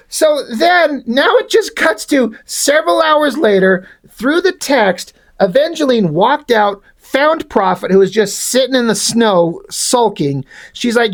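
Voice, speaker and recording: A man reads through a comic while tearing into it with dry, sarcastic commentary. His asides are deadpan and peppered with swearing. He sounds casual and conversational, like a review made for laughs. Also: high-pitched, unhurried.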